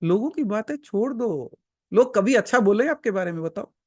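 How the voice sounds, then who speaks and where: A man's voice: high-pitched, animated, racing. A man with an Indian accent, giving a satsang sermon as a spiritual teacher and pressing his listeners with earnest, emphatic questions. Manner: switches into Hindi mid-talk. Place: seated before a gathering.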